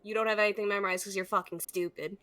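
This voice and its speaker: A woman player in a tabletop game, trading quick, laughing comebacks. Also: mid-range voice, fairly even intonation, bright, forceful tone. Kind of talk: tabletop role-play banter.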